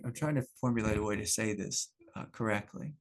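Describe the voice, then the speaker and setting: A man's voice: lowish voice, fairly quick. Man, spiritual teacher, satsang talk, candid, repeats himself, video call. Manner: candid, self-reflective, laughs often, repeats phrases.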